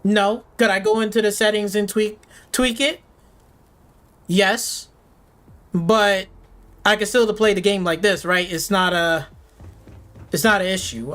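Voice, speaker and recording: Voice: mid-range voice, fairly even intonation, unhurried, long pauses, fairly bright tone, soft background music. Game streamer, live rant, heavy swearing, sarcastic mock panic, repeats words. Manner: repeats words, restarts often. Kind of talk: ranting live stream commentary.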